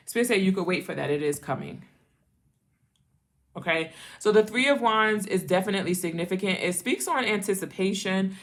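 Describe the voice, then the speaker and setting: A woman giving a casual, chatty tarot reading, repeating phrases and laughing often. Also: fairly low pitch. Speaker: tarot reader.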